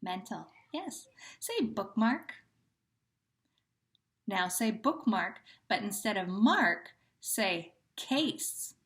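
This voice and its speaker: A woman's voice: medium pitch, very animated, extremely slow, fairly bright tone. A woman teacher leading a phonemic awareness drill, patient and carefully enunciating each syllable.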